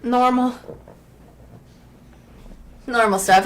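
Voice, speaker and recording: A woman's voice: medium pitch, moderate pace. Rambling woman streamer at home. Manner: rambling and chatty, with many fillers and restarts; clears her throat and sneezes now and then. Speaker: live streamer. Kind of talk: casual chat stream.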